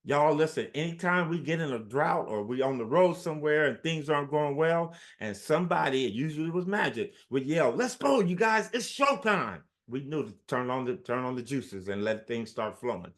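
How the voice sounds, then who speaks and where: An older man in his sixties telling stories as an interview guest. He is lively and animated and acts out what others said, often speeding up or slowing down for effect. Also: mid-range voice. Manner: animated storyteller, acts out quotes. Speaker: former basketball player, guest. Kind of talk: storytelling in an interview.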